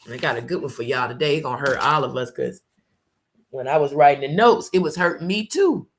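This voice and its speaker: A woman host giving an informal motivational talk, repeating phrases and slowing down for emphasis. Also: a bass voice. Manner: informal, uses y'all and ain't.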